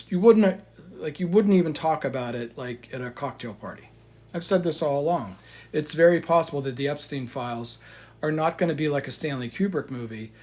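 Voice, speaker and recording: A man giving heated, profane market commentary, swinging between loud outbursts and quiet asides. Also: on the high side. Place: indoors in front of a chart.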